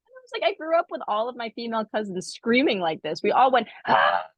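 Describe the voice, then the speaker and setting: A woman co-hosting a podcast, telling stories in casual chat and acting out quotes in high voices. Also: fast talker, no echo, dull audio. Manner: animated storyteller, acts out quotes in high voices. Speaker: podcast co-host.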